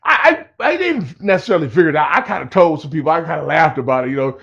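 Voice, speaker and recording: A man telling a story to camera in a rambling, laid-back way, full of slang and "you know", sometimes loudly acting out what others said. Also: a little high, lively intonation, quick pace, creaky, lo-fi sound.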